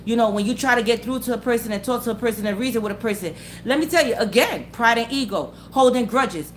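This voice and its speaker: Speaking fast with barely a pause, a woman with a fairly high voice delivers an improvised, foul-mouthed pep talk as a motivational vlogger. Slight background noise is present, and she keeps restating herself while repeatedly seeking the listener's agreement.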